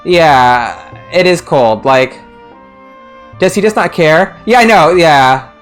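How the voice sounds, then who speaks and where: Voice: mid-range voice, lively intonation, takes it slowly, faint music behind. A streamer casually chatting about a game's translation, rambling with lots of restarts and laughter. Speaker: streamer, translation discussion host.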